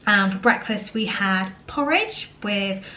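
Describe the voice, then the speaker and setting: A young woman, hoarse today, chatting casually to camera in her home kitchen, rambling with fillers as she vlogs her day. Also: medium pitch, expressive, takes it slowly, bright, forceful tone. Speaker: vlogger.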